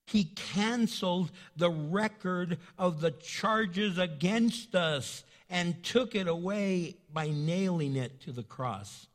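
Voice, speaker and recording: A man preaching with emphatic, repetitive phrasing and a fairly high voice. He acts out small scenes between his points to draw the congregation in. The sound trails off in a long hall reverb. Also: animated, slow pace. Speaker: pastor. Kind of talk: sermon.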